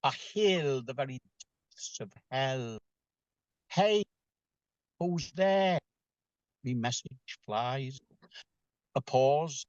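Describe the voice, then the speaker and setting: Quiet Northeast English poet, slow. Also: male voice, mid-range voice, no echo, dull audio. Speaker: open mic poet. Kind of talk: poetry reading in dialect.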